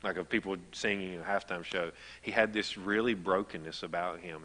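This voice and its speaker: Man, pastor, sermon, conversational storytelling, lowish voice, bright tone, church reverb. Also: a little fast. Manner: conversational storytelling, rising to emphatic. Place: church sanctuary.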